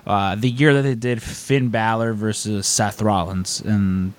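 A man hosting a podcast, telling a story in a loose, animated way and acting out the people he quotes. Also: on the low side, unhurried. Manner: animated, acts out quoted voices. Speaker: podcast host. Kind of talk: casual storytelling chat.

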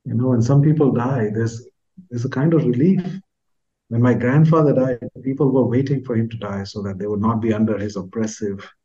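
Earnest older man from India, dark voice. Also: mid-range voice, steady tone, brisk, highs cut off. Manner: earnest, heartfelt, trails off softly at phrase ends. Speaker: guest author. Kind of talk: reflective personal storytelling.

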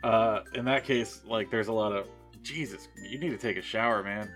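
A man's voice: lowish voice, moderate pace, fairly bright tone, soft background music. A man playing a tabletop role-playing game, talking in a blunt, exasperated way. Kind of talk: in-character tabletop role-play.

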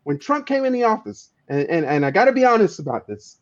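A man's voice: high voice, very animated, fast talker. A man speaking as an activist guest, telling a story with passion and often stumbling over repeated words. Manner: emphatic, stammering repeats of words. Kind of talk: impassioned storytelling in conversation. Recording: dull lo-fi audio.

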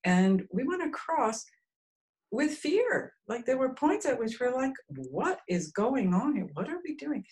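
Woman recalling a walk, animated. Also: sits high, unhurried, low-quality recording. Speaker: guest. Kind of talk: casual recollection.

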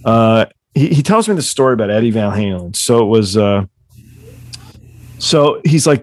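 A man chatting casually as a podcast guest, an excitable storyteller who swears freely and often trips over his own restarts. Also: on the low side, normal speed, no echo, studio quality. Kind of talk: casual chat.

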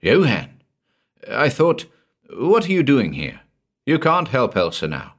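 Man voicing a scared young villager, raised pitch, anxious, pleading, storybook reading. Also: wildly swooping pitch, measured pace, slightly rough, full character voice. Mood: fearful pleading.

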